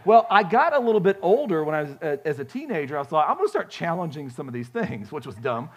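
A male pastor preaching a sermon, folksy and animated, telling stories with frequent restarts. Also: a little high, fast, slightly rough. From grew up on a farm.

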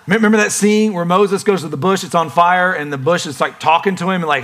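A man preaching a sermon in a lively, conversational way, acting out quick voices for the people in his stories. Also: high-pitched. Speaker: pastor.

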